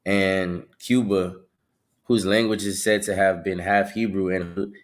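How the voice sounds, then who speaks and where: A man reading passages aloud during a Bible study, slowly, stumbling over some words. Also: deep voice, level tone.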